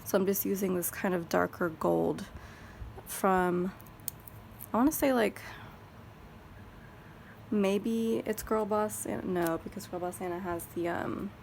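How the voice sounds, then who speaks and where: A woman's voice: medium pitch, unhurried, vocal fry, long pauses, darkish tone, a little hiss or hum. A woman with a Texan accent, chatting casually and rambling as she thinks aloud at her planner desk at home. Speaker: planner vlogger. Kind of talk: casual chat. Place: home craft desk with a fan running.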